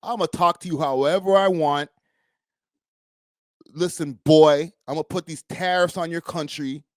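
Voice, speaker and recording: A man's voice: fairly high pitch, steady tone, a little slow, dry recording, clean studio sound, lightly acted. A man doing a taunting, condescending impression of a smug male president.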